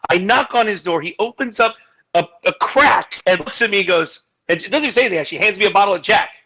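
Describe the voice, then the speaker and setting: A man hosting a video-call chat, loud, excitable and teasing as he tells stories. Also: high-pitched, fast, low-quality recording. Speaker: host.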